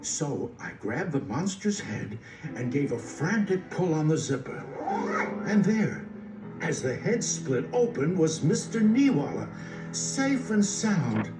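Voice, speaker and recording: A man reading a picture-book story aloud in an expressive, playful way, teasing his listeners. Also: on the high side, slow. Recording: roomy, distant sound with music.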